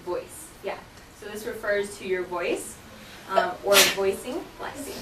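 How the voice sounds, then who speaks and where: A woman's voice: medium pitch, a little slow, distant mic. Woman teaching in an echoey classroom. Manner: patient explaining, frequent "okay?" checks. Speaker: sign language teacher. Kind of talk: classroom vocabulary lesson. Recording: roomy classroom from afar, faint noise.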